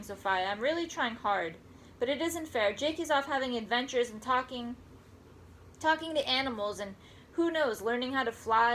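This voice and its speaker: A woman reading as an upset teenage girl, sarcastic and impatient. Her voice rides higher and louder as she pleads. A faint hiss runs beneath. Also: lightly acted, poor audio.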